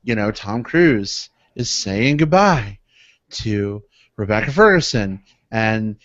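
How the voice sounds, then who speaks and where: A man's voice: fairly low pitch, lively intonation, fairly bright tone, no room sound. A man co-hosting a podcast, chiming in eagerly during casual chat about a film. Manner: eager, quick to chime in. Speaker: podcast co-host. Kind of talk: casual movie review chat. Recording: dry, dull lo-fi podcast audio.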